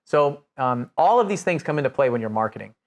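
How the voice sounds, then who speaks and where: A man's voice: mid-range voice, big pitch swings, brisk. A man coaching real estate investors in a casual, conversational way, with many restarts and fillers. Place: Nashville.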